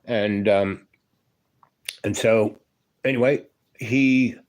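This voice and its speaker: A man's voice: lowish voice, fairly even intonation, very slow. A man in his seventies, a former union electrician, telling a long story in a rambling, casual way and tossing in "you know" and "right?". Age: 70s.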